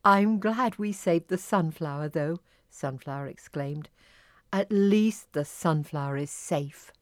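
A spirited young fairy from a storybook speaks in exclamations, put on by a woman. The voice is lowish and unhurried, recorded close and dry. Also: warm tone, dry recording. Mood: relieved.

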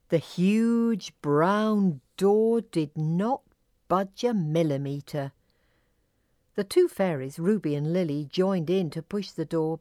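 A woman reading a children's fairy story aloud, slowly and carefully. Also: fairly low pitch, mellow, dry recording, studio quality.

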